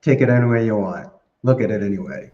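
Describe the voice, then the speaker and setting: A man's voice: lowish voice, fast talker, mellow. A man answering interview questions in a chatty, playful way, laughing often. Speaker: podcast guest. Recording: roomy, muffled lo-fi sound.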